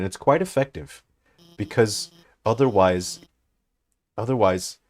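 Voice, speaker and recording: A man, a game developer, giving analytical commentary on a game he is playing, thinking aloud with many fillers. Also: deep voice. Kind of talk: gameplay commentary.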